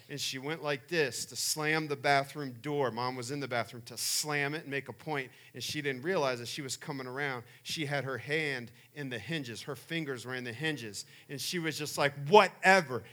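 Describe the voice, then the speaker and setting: A middle-aged man preaching a sermon, telling personal family stories and building to loud emphatic peaks. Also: medium pitch. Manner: animated storyteller, rising to loud emphatic peaks. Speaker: pastor.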